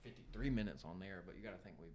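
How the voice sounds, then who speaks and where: A man's voice: low-pitched, racing, crowd noise. A young man hosting a casual podcast, rambling and joking with lots of filler words. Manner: rambling, jokey, full of "like". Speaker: podcast host. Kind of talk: casual chat.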